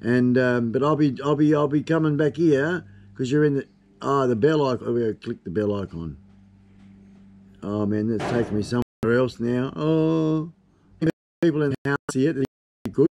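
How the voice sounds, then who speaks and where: A man's voice: medium pitch, moderate pace, darkish tone. An Australian man in his fifties chats his way through a live stream from his desk at home. His talk is loose and rambling, full of casual swearing and easy asides to his viewers. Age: 50s. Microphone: camera on desk.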